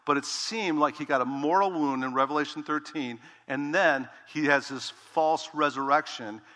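A man preaches a verse-by-verse sermon from the pulpit, his voice bright and forceful. He keeps it conversational and often calls for an "amen" from the pews. The sound carries a long reverb from a large church hall. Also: fairly high pitch, normal speed. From Dutch heritage. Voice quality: bald preacher self-described. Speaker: pastor. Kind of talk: expository sermon.

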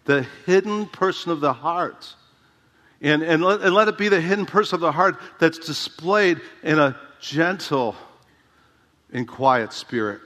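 Male pastor, sermon, fairly high voice, emphatic, conversational, rhetorical questions, church hall reverb. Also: lively intonation, measured pace, bright, forceful tone.

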